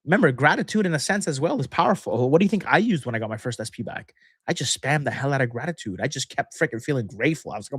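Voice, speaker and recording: A man's voice: medium pitch, expressive, quick pace, breathy edge, no room sound. Chatty young man on a dry mic. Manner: rambling and chatty, laughs often, many fillers and restarts. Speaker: manifestation coach hosting a member Q&A. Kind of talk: casual livestream chat.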